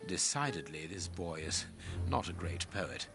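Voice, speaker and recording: A dry, wry game narrator. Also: male voice, low-pitched, unhurried, creaky, music in the background, full character voice. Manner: dry, wry, deadpan remarks. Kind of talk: scripted game voice-over.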